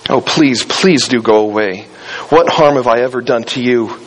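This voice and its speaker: A man's voice: mid-range voice, moderate pace, slightly rough, close to an everyday voice, rough recording. Scared young boy in a storybook, desperate and pleading; a man reads him. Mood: frightened. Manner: anxious, pleading storybook reading.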